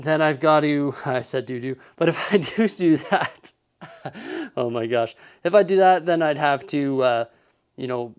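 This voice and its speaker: Man, vlog host, easygoing and chatty, slightly winded, mid-pitched voice. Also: clear, resonant tone. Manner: chatty, laughs at himself. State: out of breath. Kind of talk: casual vlog talk. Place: indoor hobby room.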